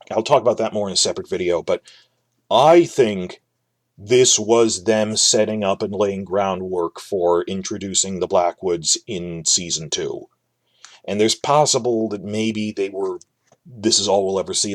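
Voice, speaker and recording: A man's voice: low-pitched, no echo. Rambling man giving an episode reaction. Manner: rambling, with frequent restarts and fillers. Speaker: video host. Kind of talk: casual episode reaction commentary.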